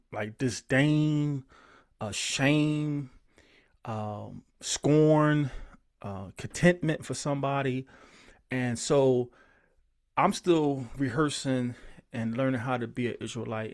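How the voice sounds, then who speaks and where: A man at a mid-range pitch leads an online study group with fervent, emphatic delivery. He drops in exclamations of praise between points. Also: a little mellow. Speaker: teacher leading a study group. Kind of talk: leading an online group class.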